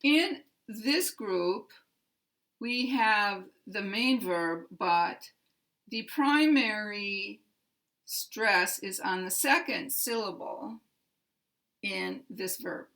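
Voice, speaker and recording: An American woman teaching English pronunciation, explaining slowly and modeling example sentences with careful stress. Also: medium pitch, expressive, a bit bright. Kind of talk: slow, clear instructional explanation.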